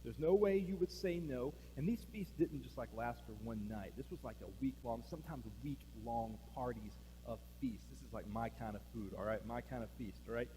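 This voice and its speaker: A man's voice: medium pitch, brisk, hardly any pauses. A man preaching a sermon as pastor, telling a story in a conversational way, acting out quoted lines and asking the room questions. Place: church sanctuary. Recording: reverberant hall, faint hum.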